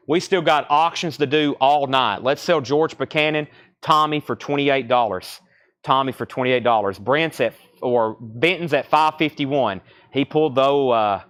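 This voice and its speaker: A man in his thirties hosting a live-stream record sale, rattling off bids, buyer names and record details in a quick, rambling patter. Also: medium pitch, fairly bright tone.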